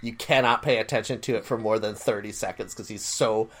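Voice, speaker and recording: A man's voice: on the low side, steady tone, fairly quick, a bit bright. A man co-hosting a casual comedy podcast, talking in a wry, rambling way and swearing for emphasis. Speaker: podcast co-host.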